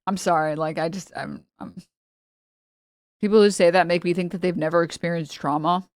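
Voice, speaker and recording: A woman's voice: fairly low pitch, steady tone, normal speed, a little mellow, no room sound. A young woman streamer reacting heatedly on a live stream, profane and full of stumbling restarts.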